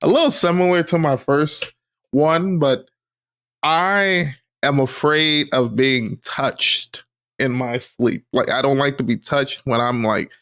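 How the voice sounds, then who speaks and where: Rambling, animated young podcast co-host. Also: male voice, mid-range voice, takes it slowly. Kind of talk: casual chat.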